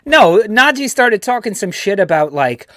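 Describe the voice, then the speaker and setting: Animated New York man hosting a fan show. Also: sits high, normal speed, dry recording, clean studio sound. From United States. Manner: animated, swears freely, puts on voices when quoting. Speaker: host. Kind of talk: casual fan show chat.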